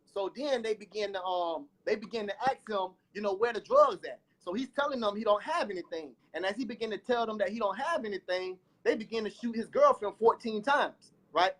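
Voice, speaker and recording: A man with a strikingly high voice and a drawl tells his life story as a testimony. He talks over a phone, circling back on words, repeating himself and restarting phrases as the story pours out. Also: fairly quick, few pauses. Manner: repetitive, animated storytelling with many restarts. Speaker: guest giving a testimony.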